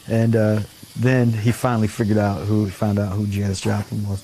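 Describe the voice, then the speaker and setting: A man with a lowish voice tells a rambling anecdote on a casual talk show. He jumps into quoted voices and laughs along the way. A faint hiss of noise sits under the recording. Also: moderate pace. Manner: animated anecdote-telling, acts out quoted voices, laughs often. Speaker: show host. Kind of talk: casual storytelling chat.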